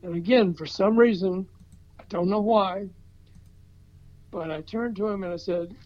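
An older man from the American South, telling an animated story in casual chat with chuckles and restarts. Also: sits high, a little slow, pauses often. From Southern United States. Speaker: record promotion veteran telling a story. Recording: slightly dull, muffled recording.

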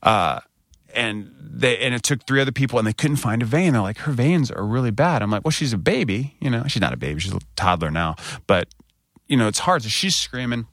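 Bright-voiced man telling a hard story. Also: mid-range voice, a little fast, dry recording, clean studio sound. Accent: American. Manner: candid, animated when quoting people. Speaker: podcast co-host. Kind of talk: casual storytelling chat.

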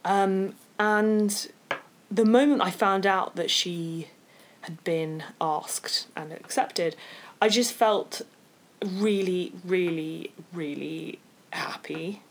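Lower-voiced woman podcast co-host. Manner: enthusiastic, emphatic repetition. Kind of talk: casual chat.

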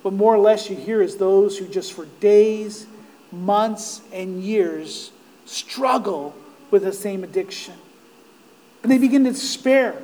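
A man preaching a sermon, impassioned, swelling to near-shouts on quoted cries of despair. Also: sits high, slow pace, slight background noise, low-quality recording.

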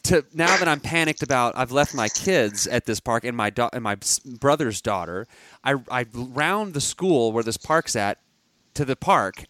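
A man co-hosting a podcast, telling a story in an animated way and laughing often. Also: medium pitch. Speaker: podcast co-host. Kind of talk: casual chat.

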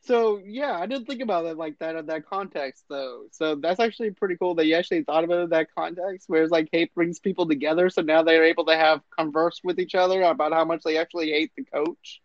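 A man's voice: on the high side, fast talker, few pauses, no echo. A man casually discussing a movie in conversation, leaning on fillers like "actually" and "and everything". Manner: conversational, repeats "and everything", "actually", "though, too". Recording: dull lo-fi recording.

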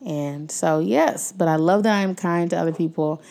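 Emotional young woman podcast host, lower voice. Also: moderate pace, creaky. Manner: warm-hearted, emotional, many fillers, talks to listeners as y'all. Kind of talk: casual heartfelt podcast outro.

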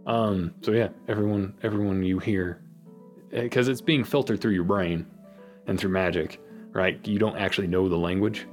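A man narrating as game master of a tabletop game, rambling and halting as he thinks. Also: low voice, fairly even intonation, faint music behind. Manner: rambling, halting, full of fillers.

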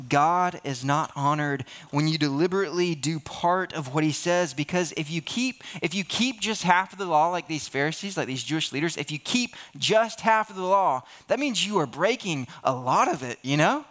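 A man's voice: fairly high pitch, lively intonation, normal speed, fairly bright tone. A young man preaching a sermon in a casual, conversational way, full of restarts and asides. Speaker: pastor.

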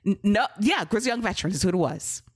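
A woman co-hosting a casual wrestling podcast, animated and teasing, talking in an exclamatory way. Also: medium pitch, fast, slightly rough, no room sound, clean studio sound. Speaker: podcast co-host.

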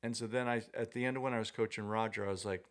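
A man's voice: lowish voice, fairly even intonation, very fast. A middle-aged man, a former tennis coach, chatting as a podcast guest and telling rambling, self-deprecating stories. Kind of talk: casual storytelling chat.

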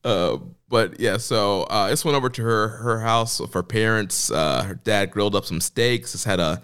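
A man chatting casually on a podcast, talking in a relaxed, measured way. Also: lowish voice, clear, resonant tone.

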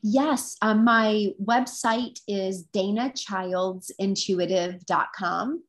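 A woman's voice: mid-range voice, takes it slowly. A woman guest who teaches intuitive development, telling a story in an earnest, reflective casual chat.

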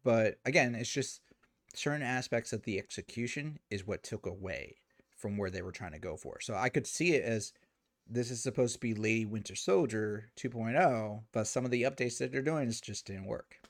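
A man co-hosting a casual movie review chat, speaking in a measured, hesitant way with many fillers. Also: mid-range voice, dry recording, clean studio sound. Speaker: podcast co-host.

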